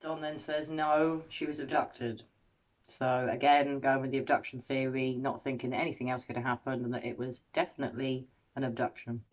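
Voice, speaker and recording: A woman hosting an analysis video, paraphrasing recorded quotes and weighing each one in a measured, analytical way. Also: a bass voice, little pitch movement. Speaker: host analysing a recorded interview. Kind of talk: scripted commentary.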